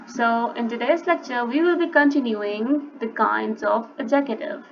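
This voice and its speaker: A woman's voice: fairly high pitch, measured pace. A woman teaching an online English grammar lesson, explaining step by step, stressing key words and often saying "you know". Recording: dull lo-fi sound with faint background hiss.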